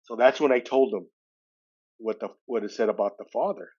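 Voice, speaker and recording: A man's voice: fairly low pitch, moderate pace, a little mellow, dull audio. A man in his sixties from California, a podcast guest telling a personal story in a loose, conversational way. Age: 60s. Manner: loose, conversational, retells dialogue with "he goes".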